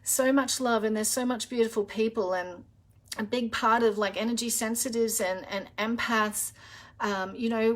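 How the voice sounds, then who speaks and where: Chatty middle-aged woman, affectionate. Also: on the high side. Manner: chatty and affectionate, calls viewers darling and honey, many ums. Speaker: spiritual reader hosting a live session. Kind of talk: casual live-stream chat.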